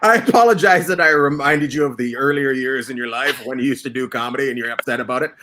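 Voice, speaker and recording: A man's voice: medium pitch, fast talker, slight background noise. A man hosting a casual comedy chat over a video call, teasing his guests. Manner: teasing and animated. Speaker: host.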